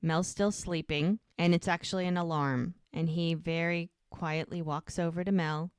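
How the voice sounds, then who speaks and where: A woman's voice: lowish voice, steady tone, normal speed, a little mellow, clear, resonant tone, no echo, clean studio sound. A woman co-hosting a podcast, casually retelling a TV episode scene by scene in a run-on storytelling way. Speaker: podcast co-host.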